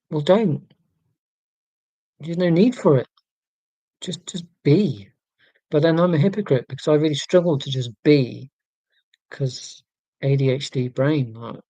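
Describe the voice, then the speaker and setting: Forties male livestream host, warm and relaxed, casual meandering chat with viewers, wry asides. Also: on the high side, no room sound. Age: 40s. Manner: rambling, wry and self-mocking, with many fillers and restarts.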